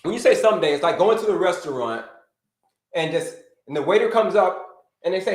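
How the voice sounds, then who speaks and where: A man hosting a live health-coaching stream, talking to viewers in an animated, repetitive, preacher-like cadence. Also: sits high, fast talker, reverberant.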